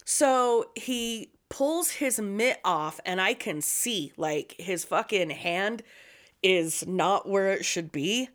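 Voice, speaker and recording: Profane, animated woman storyteller. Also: mid-range voice, slow. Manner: acts out quoted voices. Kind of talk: casual chat.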